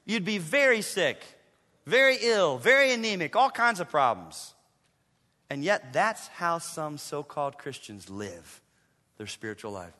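A man preaching a sermon to his congregation, animated and acting out his listeners in quoted voices. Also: fairly high pitch, a little slow, big-room sound. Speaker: pastor. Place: church sanctuary.

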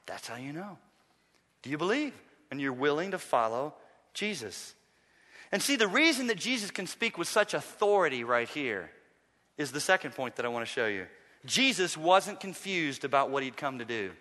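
A man preaching a sermon as pastor, swinging from quiet pleading to loud emphatic bursts. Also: a little high, very animated, normal speed, long reverb tail. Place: church sanctuary.

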